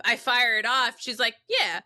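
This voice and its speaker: A young adult woman co-hosting a podcast in casual chat, loud and passionate, swearing freely. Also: a little high, moderate pace. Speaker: podcast co-host.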